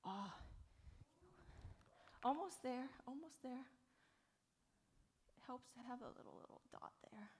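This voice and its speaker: A woman's voice: sits high, unhurried, long pauses, slight background noise. A woman, giving a frank, jokey keynote on stage while she paints. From South Carolina, USA. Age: 40s. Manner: lively, jokey and frank, swearing casually. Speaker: keynote speaker and live speed painter. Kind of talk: live keynote talk to an audience. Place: event stage before an audience.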